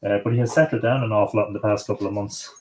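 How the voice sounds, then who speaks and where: A man's voice: fairly low pitch, steady tone, very fast, a little hiss or hum. Chatty Irish man on a home livestream. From Ireland. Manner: rambling, chatty, coaxing his dog in a sing-song voice. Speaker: livestream host. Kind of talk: casual livestream chat.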